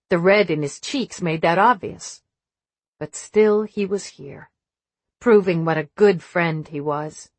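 A woman reading a novel aloud as an audiobook narrator, in a measured, even storytelling manner. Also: lowish voice, husky, dry recording. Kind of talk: scripted narration.

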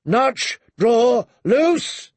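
A man voicing a young male commander who shouts urgent battle orders from a wall. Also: sits high, slow pace, creaky, husky, dry recording, voice pushed up, full character voice. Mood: commanding shouts.

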